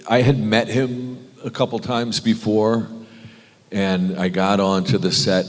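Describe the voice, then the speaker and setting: A man, a guest actor on a convention panel, telling an animated, self-deprecating anecdote with many restarts. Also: deep voice. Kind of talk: anecdotal storytelling. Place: large convention hall panel. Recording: echoey convention hall.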